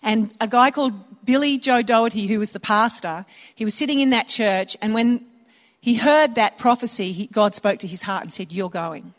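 A woman's voice: a little high, normal speed. Older woman preaching in a reverberant hall. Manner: conversational preaching with chuckling asides. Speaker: pastor. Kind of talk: sermon. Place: church auditorium.

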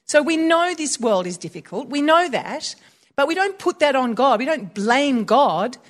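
A woman with a slightly high voice gives a conversational sermon. She keeps it chatty and animated and weaves everyday stories in with scripture. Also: normal speed. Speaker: preacher.

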